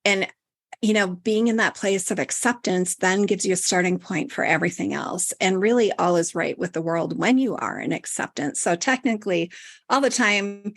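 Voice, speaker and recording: A woman's voice: medium pitch, normal speed. A woman hosting a podcast interview, reflective and chatty, talking about acceptance with loose fillers. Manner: reflective, spiritual, uses fillers. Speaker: podcast host. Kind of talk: casual interview chat.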